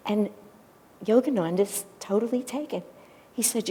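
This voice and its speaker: A woman minister giving a sermon, gently telling stories and retelling what the people in them said. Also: a little high, animated, moderate pace, in a large hall, a little hiss or hum. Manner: gentle storytelling, retelling scripture stories with quoted dialogue. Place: temple sanctuary.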